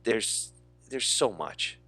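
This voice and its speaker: Deep-voiced man chatting about movies. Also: animated, slow pace, sharp tone, soft background music. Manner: enthusiastic, rambling with fillers. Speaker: podcast co-host. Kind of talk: casual movie chat.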